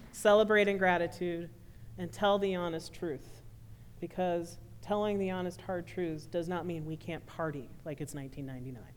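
A woman minister ending a sermon and then guiding her congregation through a bread communion in a relaxed, friendly way. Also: lowish voice, a little hiss or hum. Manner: warm, informal, directing a congregation. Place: church sanctuary.

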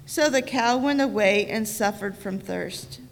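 Slow-reading woman storyteller in a church. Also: mid-range voice, vocal fry. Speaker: storyteller in a worship service. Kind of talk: reading a folk tale aloud. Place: church sanctuary. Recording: reverberant church sanctuary.

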